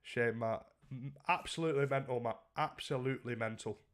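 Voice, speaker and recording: A man's voice: medium pitch, fairly quick. A man chatting casually and jokingly with his live-stream chat, swearing freely.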